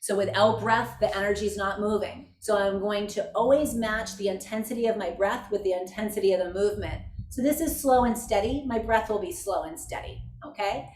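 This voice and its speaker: A woman instructor guiding a slow breathing and movement exercise, calm and measured. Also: medium pitch, slight background noise. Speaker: energy-work instructor.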